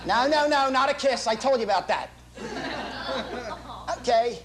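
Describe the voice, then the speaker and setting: In a comic one-man stage monologue, the actor plays a bragging working-class family man who chats on and on in slangy, ungrammatical speech. He has a very high voice with lively intonation and talks at a normal speed.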